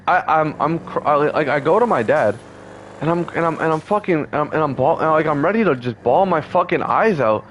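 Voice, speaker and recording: A man's voice: fairly high pitch, lively intonation, brisk, a little hiss or hum, rough recording. A man in his twenties telling a painful personal story, heated, profane and upset, close to tears. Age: 20s. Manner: heated, profane, repetitive fillers.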